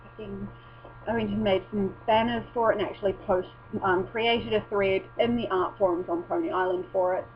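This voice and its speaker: A woman vlogger chats casually at home, rambling, swearing, and often cutting herself off mid-sentence. Her voice is medium-pitched with fairly even intonation at a normal speed, and the lo-fi recording sounds dull with a mains hum.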